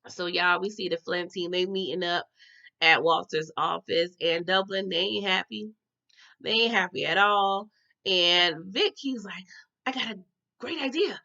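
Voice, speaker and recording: A woman recapping a TV episode in an animated, slangy way, talking straight to her viewers. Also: lowish voice, a little slow, vocal fry, muffled recording. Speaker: TV recap host.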